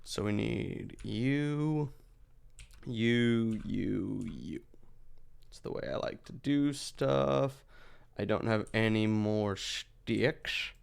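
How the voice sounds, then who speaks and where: Man in his thirties, streamer, gravelly, resonant, rambling casual chatter, home mic. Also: fairly low pitch, drawn-out words. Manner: rambling, chatty, profane asides.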